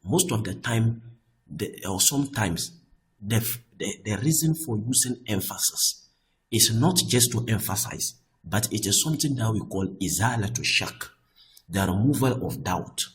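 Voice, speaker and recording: A man teaching Arabic grammar, often repeating himself and checking with "I hope that is clear.". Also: lowish voice, lively intonation, normal speed, poor audio. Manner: restarts and repeats words often. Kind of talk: explaining Arabic grammar on screen.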